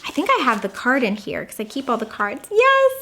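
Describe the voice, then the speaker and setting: Young woman, slightly high voice, chatty and bubbly, casual book haul vlog. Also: lively intonation, fairly quick, pushed and bright, breathy edge. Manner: bubbly, chatty, gushing with fillers. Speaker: booktuber.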